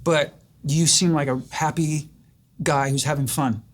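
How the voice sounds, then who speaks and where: A man's voice: on the high side, fairly even intonation, measured pace. An older man hosting an interview, asking long reflective questions that he builds up with stories of his own. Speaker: host. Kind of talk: interview conversation.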